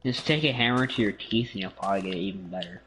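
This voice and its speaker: A man's voice: fairly low pitch, rapid-fire, a bit bright, rough recording. A man from Canada in a casual gaming chat, joking, teasing and rambling.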